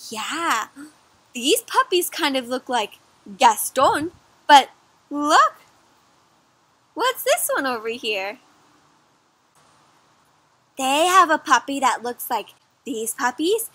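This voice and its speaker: A young woman reading a picture book aloud for children, animated, often pausing to ask her listeners questions. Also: high-pitched, husky, dry recording. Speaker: children's storyteller. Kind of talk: interactive read-aloud for kids.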